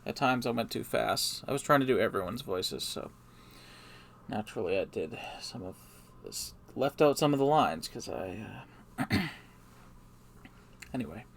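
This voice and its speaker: A man's voice: medium pitch, expressive, a little slow, creaky, long pauses, slight background noise. A man streaming live, rambling in a hesitant, mumbling, self-deprecating way.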